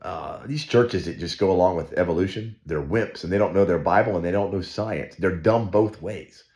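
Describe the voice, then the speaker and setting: A man's voice: low-pitched, normal speed, darkish tone, roomy sound. A man teaching a Bible study, emphatic and opinionated, repeating himself for effect. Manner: emphatic, opinionated, ranting with repetitions.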